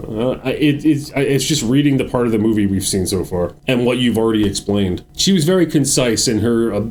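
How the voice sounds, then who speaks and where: A man's voice: medium pitch, expressive, a little fast, a little mellow, slight background noise. A man co-hosting a casual book review chat, joking, self-deprecating and swearing freely. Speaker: co-host.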